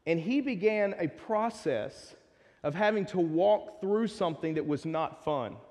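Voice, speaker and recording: High-voiced Texan pastor, joking, in a hall. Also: male voice, animated, a little slow, a little mellow. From Texas. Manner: conversational and joking, with asides to the congregation. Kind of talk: casual sermon. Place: church sanctuary. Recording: long hall reverb.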